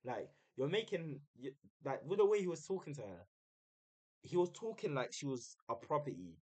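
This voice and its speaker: A man's voice: big pitch swings, normal speed, darkish tone. A young man, telling a story casually on a live stream, chatty and full of slang. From United Kingdom. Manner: chatty, uses slang, mimics others in a high voice.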